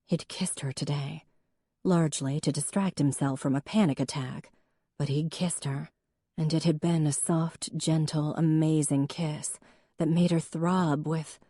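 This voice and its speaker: Low, mellow woman narrating an audiobook. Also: no room sound, clean studio sound. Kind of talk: scripted narration.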